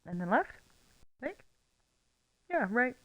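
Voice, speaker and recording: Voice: medium pitch, very animated, slow pace, fairly bright tone, no echo, rough recording. A live streamer giving casual gameplay commentary, chatting to themself and tossing in playful silly words.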